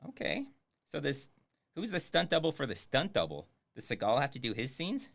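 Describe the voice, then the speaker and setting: Sarcastic man, swooping pitch. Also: huge pitch swings, normal speed, creaky, a bit bright. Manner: sarcastic, swears freely. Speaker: streamer reviewing a film. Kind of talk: casual livestream commentary.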